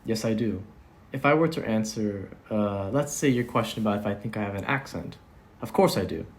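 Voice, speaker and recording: Male actor voicing a prim vampire, low voice, formal and exacting. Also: expressive, natural voice. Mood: lecturing. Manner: measured, formal, prescriptive. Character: old-fashioned male vampire, prim and pedantic. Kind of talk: amateur audio drama.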